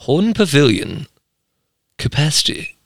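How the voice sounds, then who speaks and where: A man's voice: fairly high pitch, sing-song, measured pace, gravelly, dry recording, clean studio sound. A young Australian man co-hosting a podcast, joking and teasing in casual banter. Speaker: podcast co-host. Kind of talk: casual chat.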